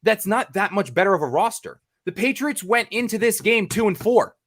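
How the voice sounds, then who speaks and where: A man's voice: high-pitched, animated, moderate pace, a bit bright. An American man, a sports reporter co-hosting a podcast, ranting in exasperation, repeating himself and swearing freely.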